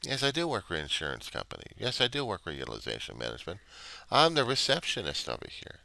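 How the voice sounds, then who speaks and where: A man's voice: deep voice, wildly swooping pitch, fast, vocal fry, pushed and bright, heavily acted. A man voicing a bored, dismissive insurance authorization clerk who talks down to a caller in a sarcastic tone.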